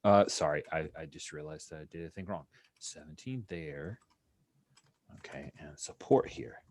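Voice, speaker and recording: A man running a tabletop role-playing game as game master, in a relaxed, chatty way with pauses. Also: very deep voice.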